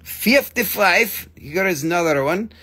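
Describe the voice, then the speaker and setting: Gravelly joking man selling gems live. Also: medium pitch, normal speed. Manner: chatty, joking, swears, non-native phrasing. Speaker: live sale host. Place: gem shop studio.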